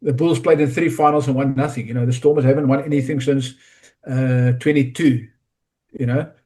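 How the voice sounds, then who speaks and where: A man's voice: mid-range voice, steady tone, a little fast, warm tone. A man talking rugby analysis in a casual podcast chat, often restarting and repeating words. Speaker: rugby pundit.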